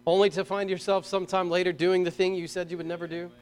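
A middle-aged man preaching a sermon, telling stories with animated, emphatic bursts and reading scripture slowly. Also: high-pitched, smooth. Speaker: pastor.

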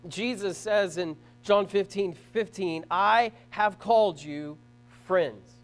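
A man's voice: sits high, takes it slowly. A man preaching a sermon as pastor to a church congregation, earnest and emphatic, repeating phrases as he builds a point.

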